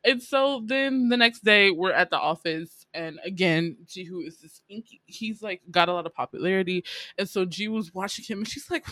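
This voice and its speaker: A woman casually recapping a drama episode, animated and laughing as she acts out the characters' lines. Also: medium pitch, moderate pace, dry recording. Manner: animated storytelling, laughing often, acting out lines. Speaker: podcast co-host recapping a drama. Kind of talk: casual chat.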